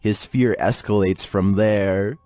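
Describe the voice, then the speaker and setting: Monotone guy narrating creepy clips, lowish voice, faint music under it. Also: takes it slowly, dry recording. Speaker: countdown video narrator. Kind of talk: scripted narration.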